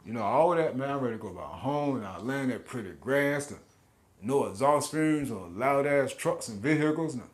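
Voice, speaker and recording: A man teaches scripture in a loose, slangy way, laughing often and stumbling over repeated words. His voice sits at an ordinary middle pitch for a man. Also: animated, normal speed. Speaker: street preacher.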